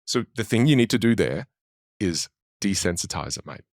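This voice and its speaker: A man in casual podcast chat, explaining things in an animated way and acting out people's reactions. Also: lowish voice, normal speed, dry recording, clean studio sound.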